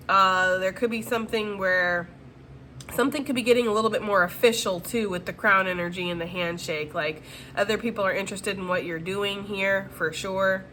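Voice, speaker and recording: A woman's voice: medium pitch, sharp tone, a little hiss or hum. A woman giving a casual tarot reading to her viewers, chatty and slangy, often reassuring them and checking in with "okay?". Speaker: tarot reader.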